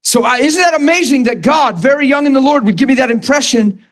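Male preacher with a high voice, fervent sermon delivery that climbs into shouting. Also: expressive, fairly quick, a little hiss or hum. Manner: impassioned, rising to shouts when quoting himself.

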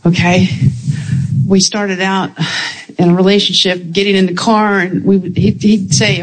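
A woman, the preacher's wife, adding an earnest and halting testimony to the sermon. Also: mid-range voice, level tone, poor audio.

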